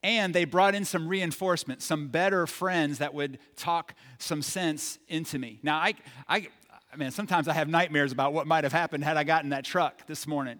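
Male pastor, sermon delivery, casual humor mixed with emphatic points, a bit higher voice. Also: fairly bright tone. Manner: conversational, joking, emphatic. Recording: long hall reverb.

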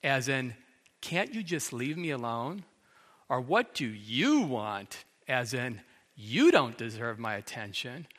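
Here the middle-aged pastor sounds medium-pitched, expressive and a bit bright, unhurried as he preaches. He tells the story with drama and acts out the quotes, echoing through a long reverberant hall.

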